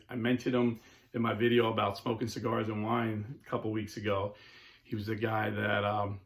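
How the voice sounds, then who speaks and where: A man hosting a Catholic talk show, telling stories in a casual, animated way. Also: fairly low pitch. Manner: animated storyteller, casual with filler words. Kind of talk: storytelling talk.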